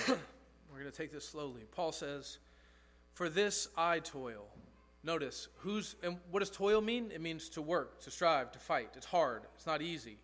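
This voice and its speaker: A man's voice: on the high side, lively intonation, measured pace, fairly bright tone. A man pastor preaching a sermon, earnest and emphatic, repeating key phrases for stress.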